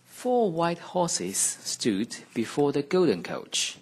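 Slow, breathy male storybook narrator. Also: a little high, very animated. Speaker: radio English teacher. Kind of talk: slow, expressive storybook reading.

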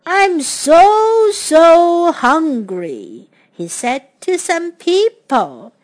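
A woman voicing a hungry male dinosaur in a children's storybook, speaking in a slow, drawn-out, emphatic way. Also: extremely high pitch, big pitch swings, exaggerated voice.

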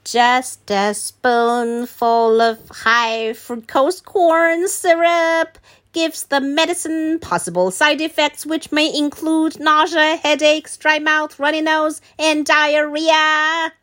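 A woman voicing a prim, overly proper female cat-sitter who introduces herself grandly and sings in a lively, sing-song way. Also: a little high, slow, voice pushed up, heavily acted.

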